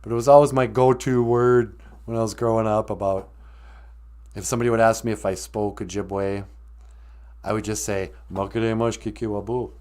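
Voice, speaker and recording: A man's voice: lowish voice, little pitch movement, normal speed, long pauses, darkish tone. A man hosting a livestream show, telling stories in a rambling, joking way and laughing often. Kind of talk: casual storytelling chat.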